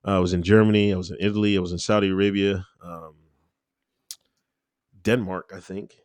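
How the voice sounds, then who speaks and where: A man being interviewed, talking casually about his time in the Air Force, laughing often and acting out quotes with sudden high-pitched voices. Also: little pitch movement, fairly quick, a little mellow, smooth, no room sound. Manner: laid-back, laughs often, acts out quotes with big pitch jumps. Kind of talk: casual conversational storytelling.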